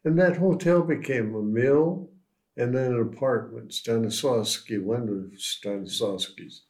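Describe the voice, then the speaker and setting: A man recounting researched local history in casual conversation, pausing with fillers as he goes. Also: mid-range voice, a little mellow.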